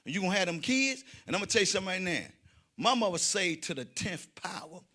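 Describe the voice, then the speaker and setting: A man doing a stand-up comedy set, loud and preacher-like, with dramatic swings between shouting and quiet asides. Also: sits high, big pitch swings, quick pace.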